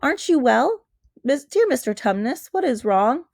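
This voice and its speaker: A woman's voice: high-pitched, sing-song, moderate pace, darkish tone, dry recording, studio quality, pitched above the performer's own voice, exaggerated voice. A woman voicing a polite, kind young girl in a storybook reading, eager and sympathetic in manner. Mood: worried.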